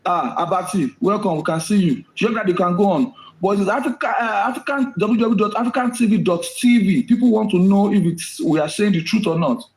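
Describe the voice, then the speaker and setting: A man's voice: high voice, brisk, few pauses, darkish tone, echoey room, low-quality recording. A man hosting a live stream, relaying viewer requests in a reassuring, conversational way. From Nigeria.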